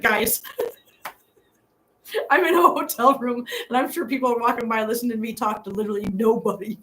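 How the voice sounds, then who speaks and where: A woman's voice: mid-range voice, brisk, a bit bright, a little hiss or hum, rough recording. A middle-aged woman hosting a live stream from a hotel room. She talks earnestly and from the heart to her viewers and laughs often. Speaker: channel host.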